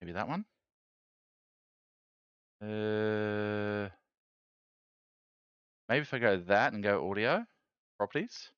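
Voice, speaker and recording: A man's voice: lowish voice, takes it slowly, long pauses, fairly bright tone, clean tone, no room sound, lo-fi sound. A man streaming live, chatty and self-mocking, thinking aloud while he fiddles with his gear.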